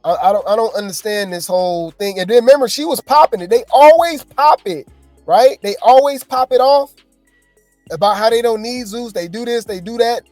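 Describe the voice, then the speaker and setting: High voiced guy doing reality tv gossip commentary, dry close mic, faint music behind. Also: normal speed, dry recording. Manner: animated, exasperated, talks straight to viewers.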